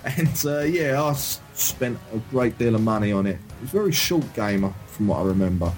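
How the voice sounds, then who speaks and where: A man's voice: on the low side, animated, brisk, a little mellow. Middle-aged man, self-deprecating, rambling, faint music under. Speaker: podcast co-host. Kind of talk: casual retro gaming chat.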